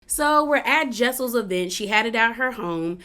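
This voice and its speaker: A woman's voice: on the high side, moderate pace. A woman giving a casual, opinionated recap of a reality show, often acting out what the cast said. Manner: chatty, opinionated, quotes others in animated asides. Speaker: recap commentator.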